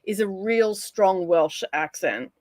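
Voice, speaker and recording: A Scottish woman hosting a casual livestream chat, talkative and quick to laugh. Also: mid-range voice, lively intonation, a little mellow, dry recording, studio quality. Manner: chatty, laughs often. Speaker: livestream host.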